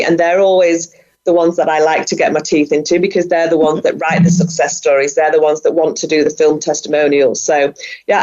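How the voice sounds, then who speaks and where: A middle-aged woman with a lowish voice chats eagerly about her work as a guest, often laughing as she talks. Her voice comes through a muffled, lo-fi video call line. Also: flat delivery, a little fast, a little mellow. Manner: enthusiastic, chatty, laughs often. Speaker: guest, budgeting coach. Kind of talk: casual interview talk. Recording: muffled, lo-fi sound.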